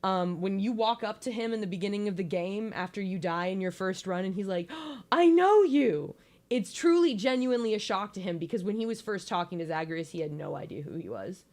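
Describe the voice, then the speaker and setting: A woman's voice: mid-range voice, fast talker, few pauses. A young woman giving a casual, joking slideshow presentation, playful and giggly with lots of ums.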